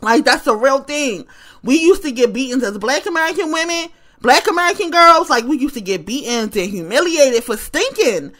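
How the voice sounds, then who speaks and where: A vlogger from West Baltimore, US, vents straight to camera in a casual video, her high, bright voice expressive and at normal speed. She's blunt and profane, repeats points for emphasis, and often breaks into laughter.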